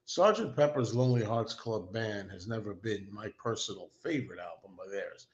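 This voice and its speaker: A man's voice: on the low side, expressive, moderate pace, vocal fry, highs cut off. A man hosting a casual livestream, rambling and self-deprecating, talking as an enthusiastic fan. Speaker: host.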